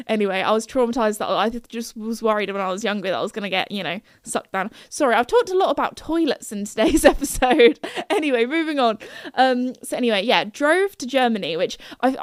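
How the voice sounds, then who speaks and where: A woman's voice: high-pitched, a little fast, smooth, no echo, studio quality. A young British woman hosting a podcast, chatting casually and rambling with lots of self-corrections and giggles. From United Kingdom. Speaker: podcast host. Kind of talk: casual solo chat.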